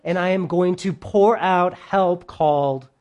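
A preacher voicing God as a gentle, approving speaker, pitched noticeably lower and softer than the preacher's own voice. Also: unhurried, lo-fi sound, lightly acted. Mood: tender.

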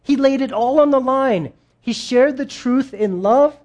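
A man preaching a sermon in a casual, conversational way, acting out quoted voices with big jumps in pitch and talking straight to his audience. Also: a little slow, a little mellow, dull audio. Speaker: pastor.

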